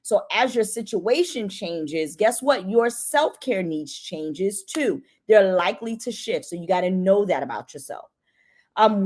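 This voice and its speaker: A woman talks to caretakers about self-care in a casual, motivational way, her pitch swinging up and down as she goes. She is chatty and emphatic and sits mid-range in pitch. She leans on rhetorical questions and repeats words to drive her points home. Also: darkish tone.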